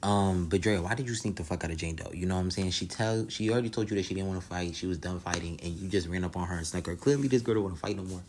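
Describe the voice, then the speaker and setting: A man with a low, deep voice talks through a reality show episode in loose, profane slang. His delivery is relaxed and conversational, like chatting with friends. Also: rapid-fire, hardly any pauses, a little hiss or hum. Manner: slangy, profane, laid-back storytelling. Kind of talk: casual episode recap.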